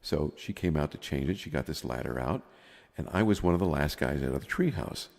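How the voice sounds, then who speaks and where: Fifties guy, deep voice, swings all over in pitch, chatty storyteller, laughs a lot. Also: lively intonation, fairly quick, creaky, darkish tone, in a large hall. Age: 50s. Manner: rambling, laughs often while telling stories. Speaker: podcast co-host. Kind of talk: casual storytelling chat.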